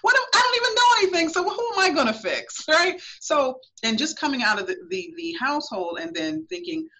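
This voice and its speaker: A woman's voice: high-pitched, sing-song, brisk, sharp tone. A woman guest on a radio talk show, telling her own story in an earnest, emphatic way. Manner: earnest, emphatic, reenacts her past thoughts. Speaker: guest author. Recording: lo-fi radio audio.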